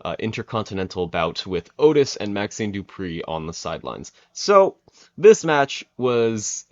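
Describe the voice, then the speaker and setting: A young man with a fairly low voice chats through a casual review, rambling and restarting his sentences as he goes. The recording sounds a little dull and lo-fi. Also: very animated, normal speed. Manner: rambling, many fillers and restarts. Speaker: wrestling reviewer.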